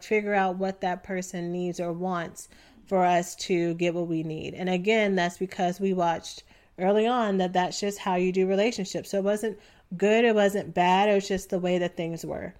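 A young adult woman hosting a solo podcast, talking casually and relaxed, with frequent ums. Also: mid-range voice. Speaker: podcast host.

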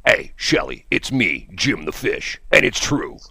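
A man's voice: sits low, very animated, measured pace, creaky, sharp tone, slightly rough, no echo, studio quality, heavily acted. A man voicing a goofy, rambling caller in a radio bit.

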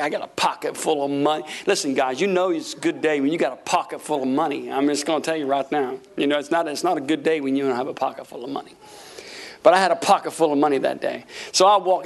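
A man preaching a sermon, telling a story with lively acted-out quotes and frequent laughter. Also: a little high. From Florida. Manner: animated, acts out quotes, laughs often. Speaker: pastor.

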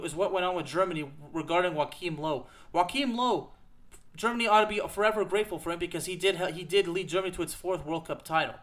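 A high, fairly bright-toned American man hosts a podcast, launching into a fired-up soccer rant. He's emphatic and repetitive, tossing in "okay?" again and again.

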